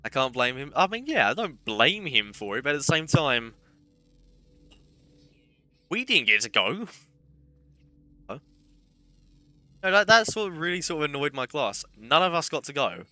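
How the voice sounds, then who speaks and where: A man's voice: fairly high pitch, very animated, normal speed, long pauses, bright, forceful tone, no echo. A young man streaming a game, rambling through casual anecdotes with self-deprecating humour. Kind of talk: casual gameplay commentary and storytelling.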